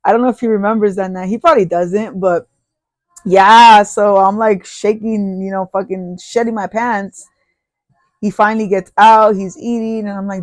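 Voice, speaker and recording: Brief: casual podcast host, profane and rambling, mid pitch, dry close audio. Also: steady tone, moderate pace, dry recording. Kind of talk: casual storytelling.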